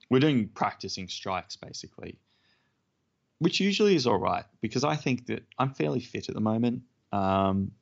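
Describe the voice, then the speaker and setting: Man, low gravelly voice, casual podcast chat, self-deprecating, dull lo-fi sound. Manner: chatty, self-deprecating storyteller. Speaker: podcast co-host.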